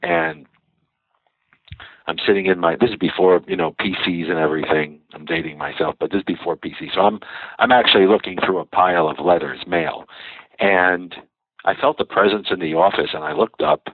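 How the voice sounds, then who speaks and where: A man's voice: deep voice, fairly quick, dry recording. An older man, a former business executive, telling anecdotes in an interview and acting out quoted dialogue, with frequent "you know"s. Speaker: guest, former bank executive. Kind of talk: storytelling interview. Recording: tinny phone-like line.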